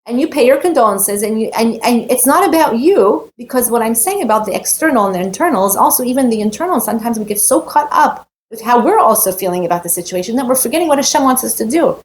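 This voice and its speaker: A woman's voice: on the high side, expressive, fast, hardly any pauses, a little hiss or hum. A woman giving a heartfelt, emphatic personal Torah talk, repeating phrases and mixing in Hebrew terms. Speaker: Torah teacher.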